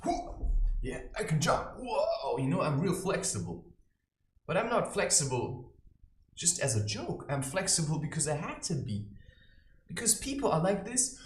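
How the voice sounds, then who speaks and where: A man's voice: a little high, very animated, unhurried. A man giving a preachy, theatrical, mocking satirical monologue to camera from his own room. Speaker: self-styled spiritual advisor. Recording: roomy echo.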